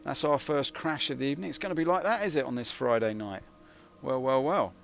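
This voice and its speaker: A man's voice: mid-range voice, a little fast, creaky. Wry, rambling British man streaming a game. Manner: wry, rambling, self-mocking. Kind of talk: casual livestream commentary. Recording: dull lo-fi with faint hiss.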